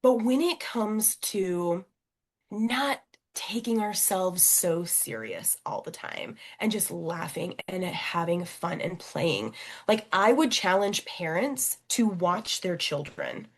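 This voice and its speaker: Animated woman telling a personal story. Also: fairly low pitch, slow pace. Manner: animated and expressive, acting out quoted voices. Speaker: podcast guest, fitness and life coach. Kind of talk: personal storytelling in a podcast interview.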